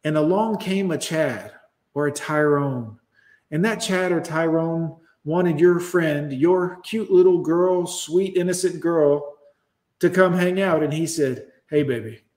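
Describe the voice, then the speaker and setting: High-voiced guy going off crude and mocking to his viewers, echoey room. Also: slow, a little mellow. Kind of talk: casual monologue to viewers.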